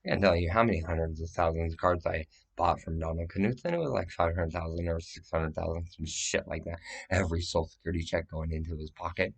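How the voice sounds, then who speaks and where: A man's voice: deep voice, steady tone, fast, creaky, breathy edge. A man giving a rambling, profane, agitated monologue that jumps from claim to claim.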